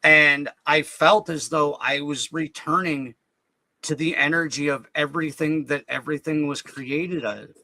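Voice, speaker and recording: Bright, earnest man telling his story. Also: on the high side, dry recording, low-quality recording. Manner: earnest, halting, repeats words when emotional. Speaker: interview guest. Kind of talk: personal storytelling.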